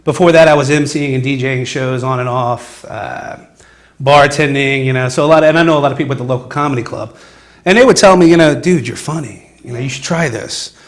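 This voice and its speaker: Man, comedian from virginia, casual interview chat, easygoing storyteller, laughs often, mid-pitched voice. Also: fast. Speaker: comedian guest.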